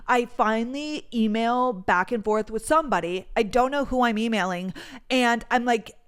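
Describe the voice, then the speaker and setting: A young woman with a slightly high voice tells a rambling personal story in a chatty, casual way. She fills her talk with "like" and acts out what everyone said. She swears freely when she gets stressed. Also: normal speed, clear, resonant tone. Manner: chatty, frequent "like", swears when stressed, quotes people in dialogue. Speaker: podcast host telling a personal story.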